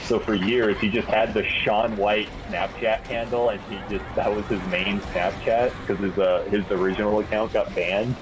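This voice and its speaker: A man's voice: fairly low pitch, fairly even intonation, moderate pace, few pauses, background noise. A man telling rambling, laughing anecdotes in a casual chat among friends. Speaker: guest on a gaming stream.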